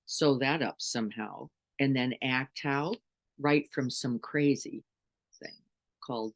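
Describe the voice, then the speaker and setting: A woman's voice: extremely low pitch, lively intonation, slow, long pauses. A middle-aged woman meditation teacher giving an earnest dharma talk, full of rhetorical questions to her listeners.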